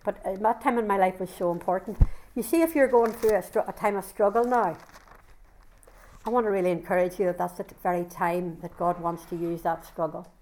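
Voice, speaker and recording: A woman's voice: lowish voice, darkish tone. A middle-aged woman speaking at a women's conference, giving a fervent testimony sermon with frequent restarts.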